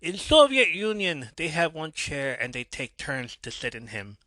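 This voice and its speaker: A man doing a loud mock-Soviet woman wrestler. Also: on the high side, big pitch swings, normal speed, no room sound, pitched above the performer's own voice. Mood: bombastic. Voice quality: exaggerated mock Russian accent, shouted lines. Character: brash woman wrestler faking a Soviet persona.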